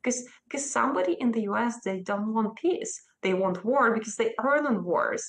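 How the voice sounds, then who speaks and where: A woman's voice: fairly high pitch, animated, normal speed, creaky. A woman from Russia with a Russian accent, answering a news interview in emphatic, insistent bursts. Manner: emphatic, defiant, speaks in short insistent bursts. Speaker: interview guest.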